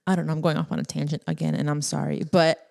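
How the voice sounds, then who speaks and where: Young woman, podcast host, mellow and a bit gravelly, rambling and emotional, laughs often. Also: low-pitched, little pitch movement, fast. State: tearful at times. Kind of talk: casual solo podcast talk.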